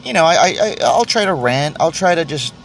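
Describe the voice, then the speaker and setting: A man's voice: on the high side, big pitch swings, a little fast, creaky, fairly bright tone, soft background music. A man hosting his own podcast, rambling casually and self-deprecatingly while tasting tea, cursing often and stumbling over restarts. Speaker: podcast host. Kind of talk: casual solo podcast rant.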